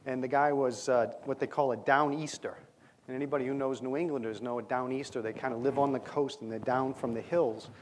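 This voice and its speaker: A man's voice: medium pitch, fairly even intonation, a little fast, slight background noise. A man giving a conference presentation on stage, talking conversationally with plenty of fillers and a light touch of humor. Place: stage under bright lights.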